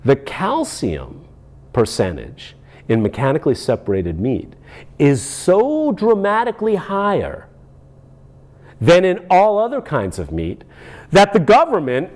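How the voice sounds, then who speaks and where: Brief: fired-up male host, slightly high voice, lively swooping delivery, sarcastic rant. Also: measured pace. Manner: indignant, sarcastic, rhetorical questions. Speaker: podcast host. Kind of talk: ranting commentary.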